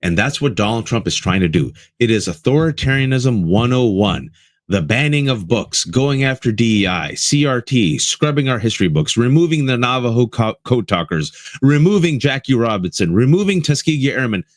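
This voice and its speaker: A man's voice: medium pitch, big pitch swings, moderate pace, no room sound, studio quality. A man hosting a political commentary show, talking with passion and often calling his listeners "folks". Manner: impassioned, addresses listeners as folks. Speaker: host.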